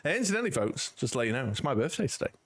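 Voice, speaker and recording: His pitch is medium but swings widely, and he races along. He's a man in his forties from the United Kingdom, hosting a home livestream and chatting with viewers in a rambling, friendly manner peppered with "you know."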